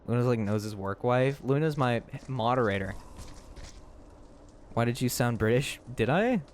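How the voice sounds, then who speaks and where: A man on a live stream chats with his viewers in a rambling, giggly manner, breaking into high laughing shrieks. He speaks at a normal speed with an expressive, slightly mellow voice, and there's slight background noise.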